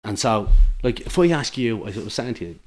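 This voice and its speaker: Irish male guest, middle-aged, low voice, rambling anecdotal delivery, casual podcast chat. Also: lively intonation, brisk. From Ireland. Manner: rambling anecdotal storytelling with many restarts. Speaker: guest, amateur football manager.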